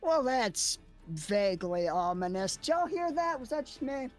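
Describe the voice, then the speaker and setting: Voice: medium pitch, big pitch swings, measured pace. A player at a tabletop game who makes dry, wry remarks in a mid-range voice. Faint music plays in the background. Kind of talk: tabletop game play, casual chat.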